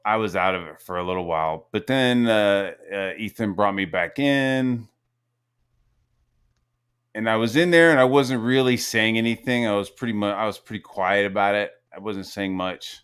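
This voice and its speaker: A man's voice: on the low side, normal speed, a bit bright, smooth. A young man hosting a podcast, telling rambling stories in casual, profane chat and quoting himself along the way. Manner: profane, rambling storyteller who quotes himself. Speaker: podcast host.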